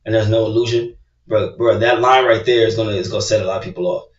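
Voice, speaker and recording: A man hosting a casual reaction video, talking loosely and cursing, repeating "bro, come on" as he gets excited. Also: fairly low pitch, fast, far from the mic. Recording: roomy, dull sound from away from the mic.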